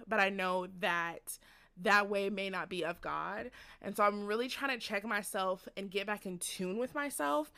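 Bright-voiced young woman, earnest and candid. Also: mid-range voice, smooth, dry recording. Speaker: podcast host. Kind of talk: personal faith podcast monologue. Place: at home during a storm.

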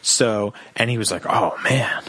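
A young man on a comedy podcast, telling a long personal story in an animated, joking way and acting out the people in it. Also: lowish voice, measured pace, dry recording. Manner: animated storyteller, acts out quoted voices. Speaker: podcast co-host.

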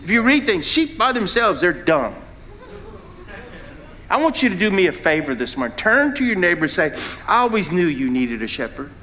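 A middle-aged man preaching a sermon as a founding pastor. He preaches with an animated delivery, jumps suddenly in pitch and volume, and asks the congregation questions. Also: normal speed.

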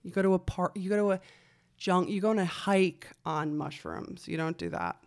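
A woman in her thirties chatting casually, her voice sitting on the low side. She tells her story with animated swings and blunt swearing, slipping into the voices of the people in it. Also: moderate pace. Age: 30s. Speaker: podcast guest. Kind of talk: casual chat.

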